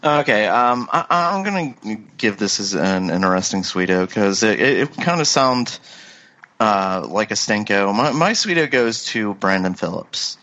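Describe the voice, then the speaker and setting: A man's voice: on the low side, animated, unhurried, pushed and bright, dull audio. A man talking casually on a podcast, hesitant, with many restarts and fillers. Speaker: podcast co-host. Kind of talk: casual chat.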